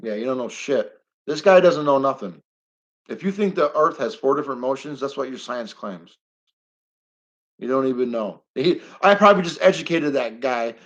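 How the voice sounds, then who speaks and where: A man's voice: medium pitch, lively intonation, normal speed, a bit bright, highs cut off. Blunt, heated middle-aged man livestreaming. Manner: blunt, rambling and heated, with some swearing. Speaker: live stream host. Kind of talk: casual live-stream monologue.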